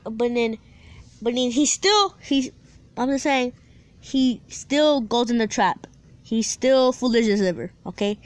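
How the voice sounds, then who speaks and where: A woman with a slightly high voice casually tells a fan-fiction story to her viewers. She rambles, restarts her sentences often, and drops playful asides as she goes.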